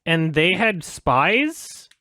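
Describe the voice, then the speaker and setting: A man hosting a reaction video, ranting in an exasperated, sweary way, swinging between loud outbursts and low sarcastic muttering. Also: very animated, very slow, no echo, clean studio sound. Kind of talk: ranting commentary.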